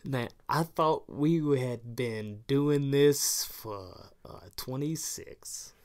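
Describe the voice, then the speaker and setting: A man's voice: mid-range voice, extremely slow, a little mellow, smooth. A man co-hosting a podcast in casual chat, joking, rambling and laughing often at his own jokes. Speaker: podcast co-host.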